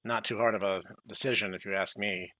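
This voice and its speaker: A young man doing sarcastic, deadpan commentary while playing a horror game. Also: fairly low pitch, brisk, no echo. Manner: deadpan, dry sarcastic asides. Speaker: game streamer. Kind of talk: sarcastic let's-play commentary.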